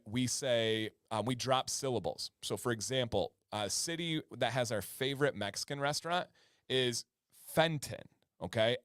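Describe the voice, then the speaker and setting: A man's voice: mid-range voice, clean tone, no room sound. Dry-sounding man. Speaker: co-host. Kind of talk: casual livestream chat.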